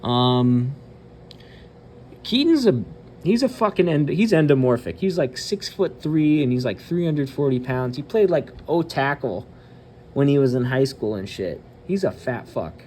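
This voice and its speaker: A man's voice: medium pitch, expressive, moderate pace, darkish tone, slight background noise. A man hosting his channel, ranting bluntly and cursing often, with hesitant fillers between remarks. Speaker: channel host. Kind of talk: profane ranting commentary.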